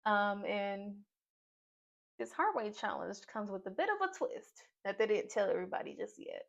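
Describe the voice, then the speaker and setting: A woman's voice: medium pitch, expressive, moderate pace, vocal fry. A woman from Nashville chatting through a reality TV recap with sassy, playful asides. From Nashville, Tennessee, US. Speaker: YouTube reality TV reviewer. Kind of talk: casual recap vlog. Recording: dull lo-fi sound.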